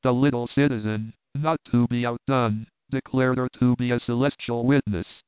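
A man narrates an audiobook in an even, measured way. His voice is smooth and crisp at a middle pitch. The recording is dry and narrow, like a phone line. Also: no room sound.

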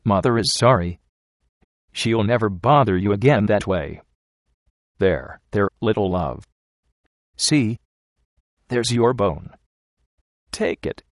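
A man reading the part of a stubborn but tender young woman, speaking in a slow, coaxing, insistent way. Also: lowish voice, expressive, dry recording, clean studio sound. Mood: crooning. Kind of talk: audiobook character reading.

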